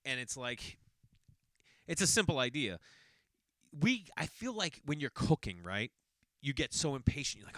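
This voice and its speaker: A man's voice: mid-range voice, big pitch swings, normal speed, a bit bright, no room sound, studio quality. A man in his forties from the Boston area, hosting a podcast and telling a long personal story in a rambling, self-correcting way. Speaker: podcast host. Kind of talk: casual storytelling monologue.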